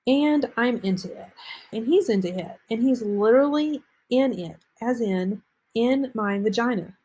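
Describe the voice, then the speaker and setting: A woman with a husky, breathy voice reads a novel aloud. Her delivery is halting: she stumbles on words and restarts them mid-sentence, like an unrehearsed reader. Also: on the high side, darkish tone.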